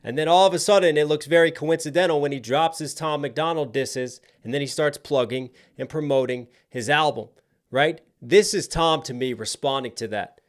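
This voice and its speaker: A man's voice: a little high, normal speed. A young man, a rapper, giving casual reaction commentary on a song and animatedly breaking down its rhymes and flow.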